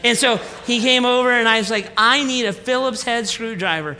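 Animated storytelling pastor man. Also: extremely high pitch. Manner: animated storyteller, acts out family dialogue, then slows for the lesson. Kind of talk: sermon with a humorous personal story. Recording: reverberant hall with faint room noise.

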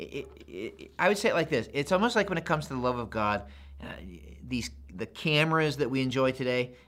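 A man preaching a sermon in a conversational, animated way, building to emphatic repetition. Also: mid-range voice. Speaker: pastor.

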